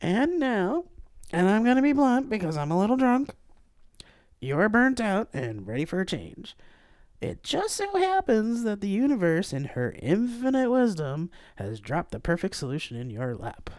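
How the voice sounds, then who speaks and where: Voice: medium pitch, wildly swooping pitch, moderate pace, a little mellow, no echo, studio quality, voice pushed up. The reader voicing a tipsy, blunt young woman who teases her old friend in a live-read audiobook. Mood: teasing.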